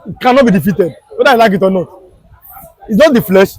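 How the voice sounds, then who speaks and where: A man's voice: sits high, animated, quick pace, no echo, poor audio. A Nigerian man with a Yoruba accent giving impassioned street political commentary, emphatic and repetitive in a preachy way. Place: outdoors on a Lagos street.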